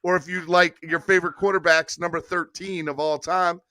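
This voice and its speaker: Sports show host guy, keeps pushing donations, bright voice, dry mic. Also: steady tone, fairly quick, no echo. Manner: laughs often, pitches donations repeatedly. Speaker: podcast host. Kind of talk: casual sports talk show. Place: Baltimore area.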